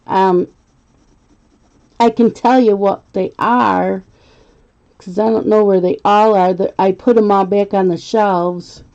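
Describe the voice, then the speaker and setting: A middle-aged woman chats casually on a live stream as she colors, reading viewer comments aloud and laughing often. Her voice is mellow and unhurried. The audio is slightly muffled and lo-fi. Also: mid-range voice, steady tone.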